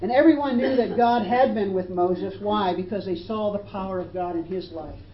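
A woman's voice: mid-range voice, normal speed, a crowd in the background. Woman preacher, emphatic sermon delivery, roomy dull recording. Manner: emphatic preaching, rising for scripture quotes. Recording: roomy, dull, faint hiss.

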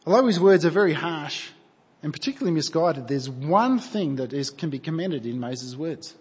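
A man's voice: fairly high pitch, lively intonation, moderate pace, slightly rough. A man preaching a sermon in an earnest, conversational way, asking his listeners rhetorical questions. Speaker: pastor. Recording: long hall reverb.

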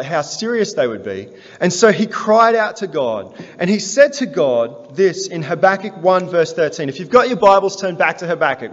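A man preaching a sermon to his congregation, asking them earnest questions and building in force as he goes. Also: high voice. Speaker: pastor. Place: church hall. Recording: dull, roomy church sound.

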